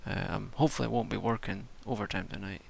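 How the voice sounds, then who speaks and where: A man's voice: lowish voice, steady tone, quick pace, gravelly, breathy edge. A tired man rambling casually through a wrestling show review, swearing and restarting his sentences. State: tired from staying up all night.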